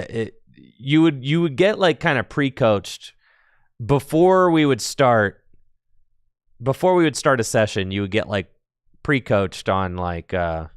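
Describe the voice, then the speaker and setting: A man's voice: medium pitch, smooth, no echo, clean studio sound. A man casually commentating a card game tournament on a live stream, chatty and playful, laughing often and answering the chat.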